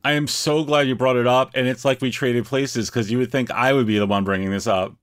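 A man co-hosting a casual podcast, animated and laughing often, swearing freely. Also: mid-range voice, a little fast, no room sound, clean studio sound. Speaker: podcast co-host.

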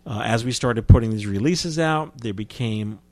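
A man's voice: medium pitch, moderate pace, a little mellow. A man from New Jersey telling stories as an interview guest, chatty, with frequent restarts. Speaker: guest, film distributor. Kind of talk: casual interview storytelling.

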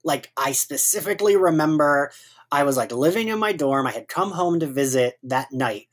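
A woman's voice: deep voice, lively intonation, moderate pace. A woman co-hosting a podcast, giggling as she recaps scenes and steers the discussion in casual chat. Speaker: podcast co-host.

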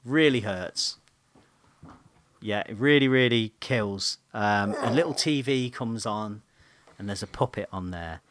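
A man's voice: on the low side, measured pace, a bit bright, slight background noise. A man co-hosting a podcast in casual chat, telling playful, giggly stories. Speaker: podcast co-host.

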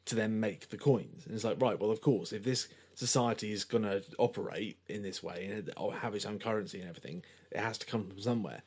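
A man's voice: fairly low pitch, a little fast, hardly any pauses, slightly rough. Rambling man reviewing films. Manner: rambling, animated, many fillers. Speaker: podcast co-host. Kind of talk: casual film review chat.

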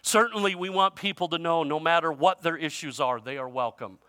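A male pastor delivers a sermon conversationally, with informal grammar, his voice swinging from loud emphasis to quiet. He speaks a little high and a little fast, with no room sound.

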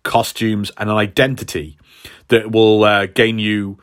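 A man's voice: on the low side, level tone, measured pace. A man co-hosting a casual chat, recapping a story in a rambling way with lots of fillers. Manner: rambling, hesitant with many fillers. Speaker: podcast co-host.

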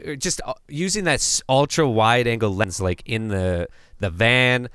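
A man's voice: mid-range voice, normal speed, fairly bright tone, clear, resonant tone, dry recording. A man co-hosting a podcast, chatting casually about horror films, telling stories and acting out the people in them. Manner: storytelling, acts out quoted people, many fillers. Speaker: podcast co-host.

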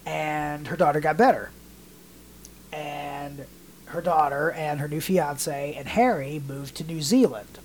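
A man's voice: a little high, slow pace, a little hiss or hum. A man co-hosting a casual podcast, telling rambling stories in a loose, chatty way. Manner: rambling storyteller, acts out quotes in mock voices. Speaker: podcast co-host.

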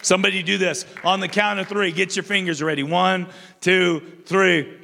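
A man's voice: sits high, fairly even intonation, moderate pace, creaky, bright, forceful tone, in a large hall. An older man preaching a sermon as pastor in a church, calling out to the congregation for responses and often repeating and restarting his phrases. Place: church sanctuary.

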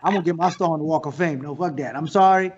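A man, a guest actor and comedian, talking in a casual interview as an animated, profane storyteller. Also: a little high, fast talker, muffled recording, noisy background.

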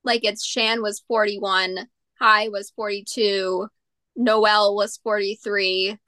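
A woman's voice: medium pitch, flat delivery, slow pace, pushed and bright, dry recording. A woman guesting on a podcast, chatting casually and analytically, saying "like" often. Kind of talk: casual chat.

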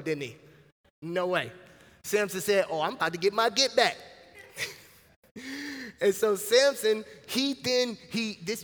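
A man preaching a sermon in a big church hall, his voice pitched high and trailing a long reverb. He talks in a loose, lively way, dropping slang and acting out quotes as he goes. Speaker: pastor. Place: church sanctuary.

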